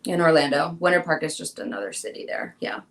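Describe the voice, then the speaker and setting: This interview features a young woman relating an emotional personal account and dramatizing the dialogue within it. Her low voice is expressive and fast, and the recording quality is poor.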